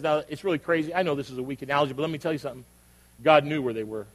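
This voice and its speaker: An older male pastor gives a sermon in a high, light voice, telling an everyday story and then pressing his listeners with emphatic questions. The sound rings with the long reverb of a church hall. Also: rapid-fire.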